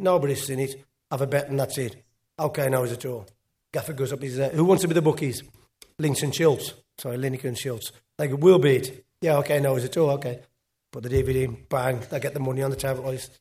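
A man's voice: mid-range voice, darkish tone. A man, a former footballer, telling a rambling after-dinner story on stage with lots of repeats. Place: live event on stage.

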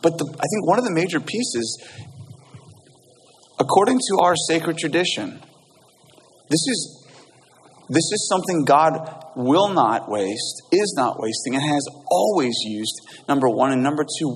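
A man's voice: medium pitch, lively intonation, slight background noise. Earnest male pastor in echoey hall. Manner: earnest, halting with restarts. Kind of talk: sermon and communion prayer. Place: church sanctuary.

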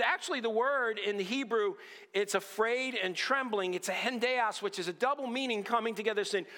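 Bright-voiced preaching man in a hall. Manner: earnest preaching, drops to a low hush on key lines. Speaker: pastor. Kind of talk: sermon.

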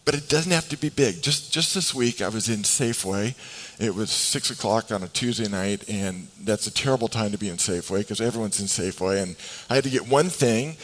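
A man preaching a sermon as pastor. He swings between hushed, slow lines and emphatic, faster bursts, and acts out the voices in the scripture. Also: fairly low pitch, poor audio.

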